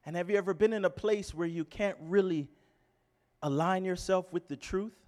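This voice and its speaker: A pastor delivers a sermon in a high-pitched voice at normal speed, alternating between fervent shouting and quiet storytelling while asking rhetorical questions again and again.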